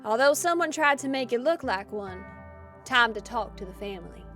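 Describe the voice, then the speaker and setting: A woman voicing a grim, focused detective with a put-on Southern US accent, low and quiet. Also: expressive, moderate pace, faint music behind.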